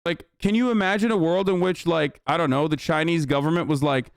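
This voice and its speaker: A man's voice: a little high, fairly even intonation, a little fast, few pauses, clean tone, no room sound, studio quality. A man hosting a livestream and giving heated political commentary in a combative, profane rant. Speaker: livestream host.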